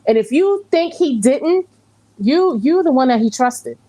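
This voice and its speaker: A woman's voice: high voice, lively intonation, unhurried, mellow, rough recording. A woman reading tarot, giving a psychic reading in a reassuring way and repeating phrases for emphasis. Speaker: tarot reader.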